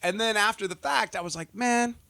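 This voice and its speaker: A man hosting a casual podcast chat, excitable and freely swearing, acting out his own reactions. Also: sits high, quick pace, vocal fry. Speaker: podcast host.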